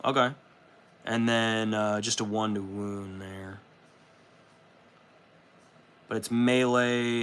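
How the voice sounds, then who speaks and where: A man hosting a casual livestream, loose and profane, excitable and chatting with his viewers as he works. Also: on the low side, takes it slowly, long pauses, clear, resonant tone. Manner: loose, profane and excitable, reads chat aloud. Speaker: livestream host. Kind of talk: casual livestream chat while building models.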